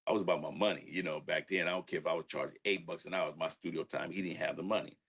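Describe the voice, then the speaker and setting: Older male producer, low voice, laid-back storyteller in an interview. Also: fairly even intonation, fast, a bit bright, husky. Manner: laid-back storyteller who laughs and acts out quotes. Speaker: record producer guest.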